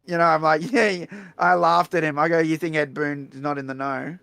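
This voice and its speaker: Blunt, gravelly Australian man. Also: fairly high pitch, normal speed, few pauses, dry recording. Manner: blunt, profane, animated storytelling. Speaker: streamer host. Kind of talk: casual storytelling chat.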